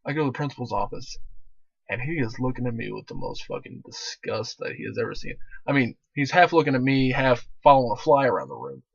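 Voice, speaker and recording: A man's voice: medium pitch, sing-song, fast, gravelly, husky, no room sound. A young man casually telling a profane story, laughing and swearing often, with rambling restarts. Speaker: vlogger telling stories. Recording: dull lo-fi dry recording.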